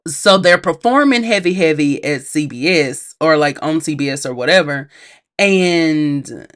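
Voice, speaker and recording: Chatty, animated woman reviewing a film. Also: low-pitched, measured pace. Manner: chatty and animated, laughs often; addresses viewers directly, acts out characters' lines. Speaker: movie reviewer. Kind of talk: casual movie review.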